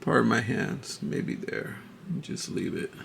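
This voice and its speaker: A man's voice: fairly low pitch, slow, vocal fry, a bit bright, slight background noise. A man casually reviewing a toy figure, enthusiastic and often calling viewers folks.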